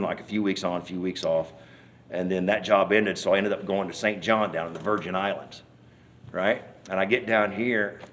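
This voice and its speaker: A man giving a personal testimony in an interview, telling his story in a folksy, rambling way and acting out the scenes as he goes. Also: sits low. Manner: animated storyteller, acts out scenes and hollers quoted cries; folksy, rambling speech with many restarts. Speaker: church member giving testimony.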